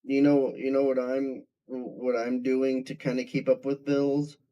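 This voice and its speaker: A man's voice: medium pitch, flat delivery, a little slow, mellow, dull audio. A man chatting casually on a stream, laid-back and joking.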